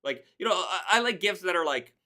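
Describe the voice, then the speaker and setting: A man's voice: high voice, lively intonation, brisk, sharp tone. A man hosting a casual live stream, rambling loosely and reading viewer comments aloud. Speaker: host.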